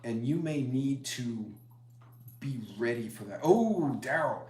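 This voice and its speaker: A man's voice: medium pitch, lively intonation, slow, dark tone, slight background noise. Rambling middle-aged man, echoey room. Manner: rambling, chatty, greets commenters. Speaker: preparedness live-stream host. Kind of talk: casual live-stream chat with viewers.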